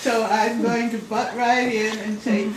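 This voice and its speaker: Slow-talking woman telling a party story. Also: on the high side, flat delivery, far from the mic. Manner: unhurried storyteller who trails off and restarts. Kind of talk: casual anecdote at a family party. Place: home birthday party, indoors. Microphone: camcorder across the room. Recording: noisy roomy home video from afar.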